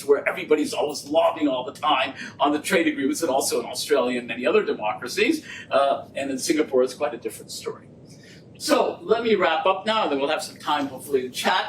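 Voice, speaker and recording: A man giving a public lecture, telling anecdotes with acted-out dialogue in an animated way. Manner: animated storytelling, acts out quoted exchanges. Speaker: guest lecturer. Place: lecture room. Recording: distant mic with faint rumble.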